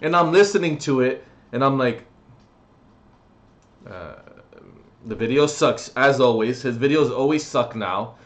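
A man's voice: mid-range voice, animated, a little slow, long pauses. A young adult man vlogging a comedic, profane rant reviewing music, mocking and exasperated.

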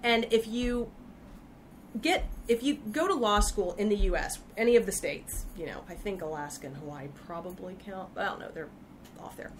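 A woman's voice: medium pitch, moderate pace, slight background noise. A woman from Texas with a Texan accent, the guest, chatting casually and joking with asides as she tells stories. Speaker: guest, freelance writer. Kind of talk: casual conversation.

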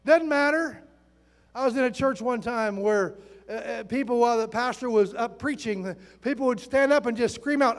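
A man in his sixties delivers a sermon, acting out the people in his stories. His voice sits very high for a man, and it echoes with a long reverb through a large church sanctuary. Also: fairly quick. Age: 60s. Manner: animated storytelling, acts out quotes. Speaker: pastor.

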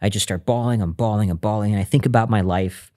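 Guy with a lowish voice on a podcast, earnest and reflective, keeps restarting mid-sentence. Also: fast, darkish tone. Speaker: podcast guest, author. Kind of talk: reflective interview storytelling.

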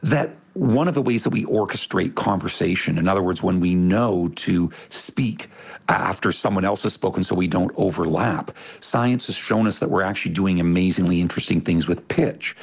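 A deep-voiced man speaks as a guest in an interview, gravelly and a little husky. He explains eagerly and often restarts his phrases as he talks. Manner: enthusiastic explaining with frequent restarts. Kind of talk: conversational interview.

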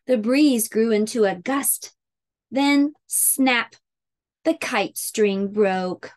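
A woman teaching preschool circle time who reads a picture book aloud with expressive sound words. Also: medium pitch, slow pace.

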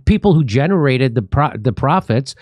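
A man's voice: medium pitch, animated, moderate pace, darkish tone, dry recording. A man hosting a casual political commentary show, sarcastic and riffing with his co-host.

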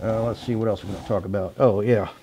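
A man from Ohio with a slight Southern drawl gives a casual sales lecture. His voice sits low, and his delivery is blunt, folksy and salty. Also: fairly even intonation, fairly quick, noisy background. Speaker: sales trainer.

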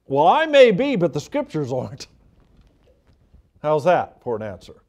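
A pastor preaches in a fervent yet conversational manner, circling back to press his points home. His voice sits high for a man. He talks directly to his flock, earnest and emphatic. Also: huge pitch swings, measured pace, long pauses, darkish tone. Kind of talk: sermon.

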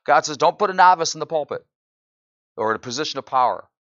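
A pastor preaching a sermon in church, often asking the congregation "right?" and building to loud, incredulous exclamations. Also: male voice, on the high side, fast, no echo, highs cut off. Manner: animated preaching, frequent "right?" asides to the congregation.

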